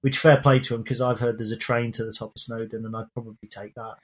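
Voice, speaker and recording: Flat-toned podcast co-host man. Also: medium pitch, fast. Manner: rambling, self-deprecating, with many fillers. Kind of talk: casual chat.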